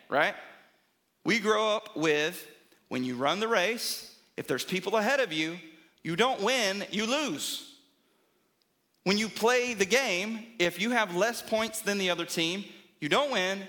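A male pastor delivers a sermon in a high, bright voice. He preaches emphatically, building rhythm through repeated phrases and checking in with the congregation as he goes.

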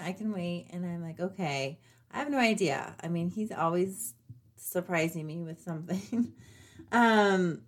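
A woman in her forties chatting casually to her viewers in a personal update, with lots of fillers and small laughs. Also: fairly low pitch. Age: 40s. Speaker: vlogger.

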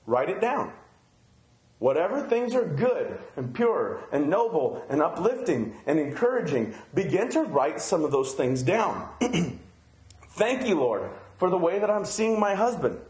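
A male pastor delivers a sermon in a relaxed, conversational manner, checking in with his listeners as he goes. His voice sits a little higher than most men's. The sound carries a noticeable room echo. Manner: conversational, frequent "right?" asides.

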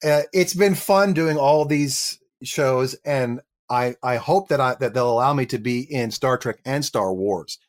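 A middle-aged man speaks as an actor guest on an interview show. His voice sits at a medium pitch, and he tells his story with energy, acting out every line of dialogue himself. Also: a little slow, hardly any pauses. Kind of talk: interview anecdote.

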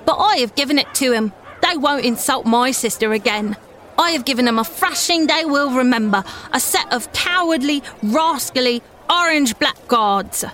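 A woman's voice: sits high, very animated, a little slow, fairly bright tone, a little hiss or hum, pitched above the performer's own voice, heavily acted. A woman doing a fiery young boy. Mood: angry. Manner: eager, defiant. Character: indignant young boy, hot-tempered.

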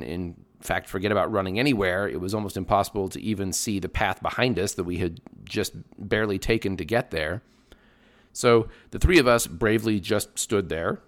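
A middle-aged man hosting a podcast, telling a scripted story with wry, dry humor. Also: low-pitched. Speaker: podcast host.

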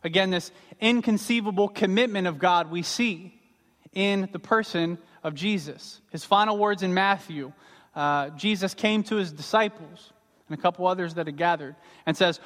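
A man's voice: sits high, moderate pace, fairly bright tone. A man preaching a sermon as pastor, earnest and emphatic, repeating his key words. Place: church sanctuary. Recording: long reverb of a large hall.

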